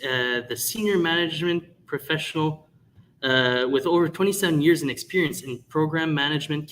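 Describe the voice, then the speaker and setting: A man hosting a live conference panel, introducing a speaker with many pauses and stumbles over names. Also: a little high, fairly bright tone, a little hiss or hum, rough recording. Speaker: panel moderator. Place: conference hall.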